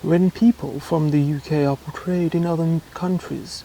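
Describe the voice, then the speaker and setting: A man's voice: a little high, level tone, moderate pace, few pauses, dark tone, a little hiss or hum, low-quality recording. An English man talking casually in a vlog, with dry, chatty asides. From England. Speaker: travel vlogger.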